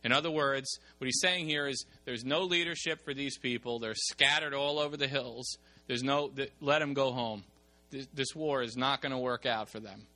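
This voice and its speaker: Animated, bright-voiced male preacher. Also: medium pitch, normal speed. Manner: animated, acts out the people in the story. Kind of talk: sermon with Bible reading and commentary.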